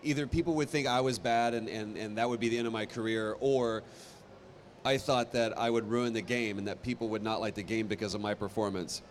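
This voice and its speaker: A man speaking as a guest on a convention panel, telling stories in a lively, animated way with quick asides. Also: on the low side, slight background noise. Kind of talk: casual panel talk. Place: convention hall stage.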